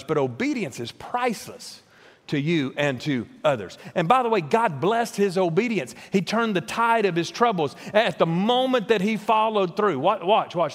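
High-voiced preacher in a reverberant hall. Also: male voice. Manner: emphatic, repeats words when building a point. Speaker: pastor. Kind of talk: sermon.

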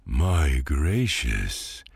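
A very stout, jolly cabbage from a storybook, out of breath and chatty, as a male narrator puts it on. The voice is deep, slow and very breathy, recorded dry. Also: lively intonation, no echo, full character voice. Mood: breathless.

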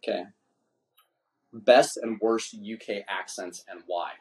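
An American man hosting a podcast, brash, excitable and swearing constantly. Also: on the low side, takes it slowly. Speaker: podcast host. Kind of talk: casual podcast chat. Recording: roomy room echo.

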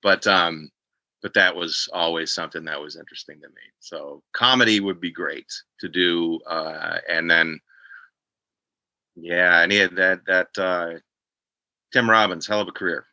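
An older man from Boston telling stories in a casual chat, animated and slipping into voices as he recounts events. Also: low voice, unhurried, no echo, muffled recording. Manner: animated storyteller, slips into voices. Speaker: podcast guest.

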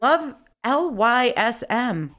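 A woman's voice: a little high, animated, extremely slow, fairly bright tone. A woman co-hosting a casual chat show, playful and teasing, laughing often. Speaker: podcast co-host.

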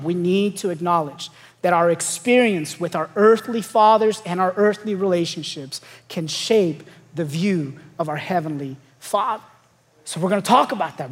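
A young adult man from Los Angeles, a pastor preaching a sermon, telling stories and building to emphatic calls to the congregation. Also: high voice. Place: large church auditorium. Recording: long hall reverb.

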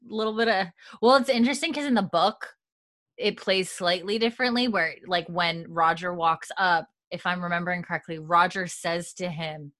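A woman with a fairly low voice chats casually on a podcast. She recaps a TV episode as an animated storyteller who swears casually. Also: normal speed.

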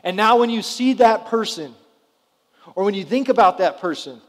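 Here a pastor in his thirties gives a sermon in a high-pitched, animated voice at normal speed. He keeps it conversational and frequently questions his audience, and the large church hall leaves a long reverb on everything.

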